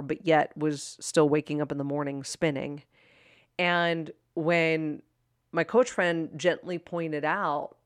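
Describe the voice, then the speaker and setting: A woman life coach in her thirties talking candidly to listeners on her own show, chatty and animated, with playful asides. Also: deep voice, no room sound, clean studio sound. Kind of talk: solo podcast talk.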